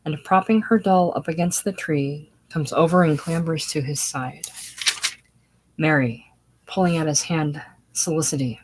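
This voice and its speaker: A woman with a low voice reads stage directions aloud from a play. She keeps a steady pace with a few small stumbles and restarts. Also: low-quality recording. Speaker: reader.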